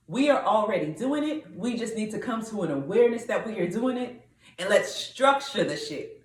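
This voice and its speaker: A woman's voice: medium pitch, expressive, moderate pace, far from the mic. Rallying woman in an echoey room. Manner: preachy and rallying, sometimes breaking into song. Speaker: podcast host. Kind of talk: impassioned podcast monologue.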